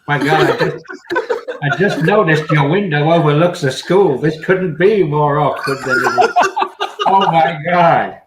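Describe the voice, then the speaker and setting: A man's voice: on the high side, unhurried, natural voice. A man playing a bumbling, awkward male noir detective in live improv comedy, talking in hard-boiled 1940s slang. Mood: panicked. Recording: echoey, noisy live stream.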